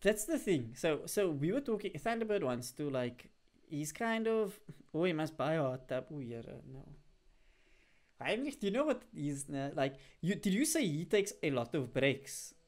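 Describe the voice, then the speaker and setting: Speaking at a normal speed and medium pitch, a young adult streamer casually addresses their live chat. The talk meanders and is packed with fillers, punctuated by lively bursts when viewers are greeted.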